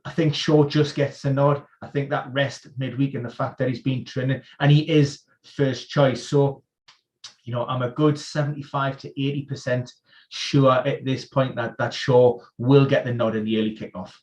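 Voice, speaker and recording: A man acting as an injury expert, running through football team news on a live stream in a quick, informed rundown. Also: mid-range voice, fairly even intonation, a little mellow, low-quality recording. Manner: informed, rapid-fire rundown of player news. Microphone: video call.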